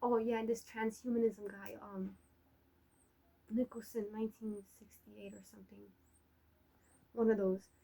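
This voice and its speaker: A woman's voice: medium pitch, level tone, measured pace, vocal fry, long pauses, mellow, poor audio. A young adult woman rambling through a personal vlog monologue, swearing freely and laughing often as she talks. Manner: profane, laughing, trash-talking. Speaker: vlogger.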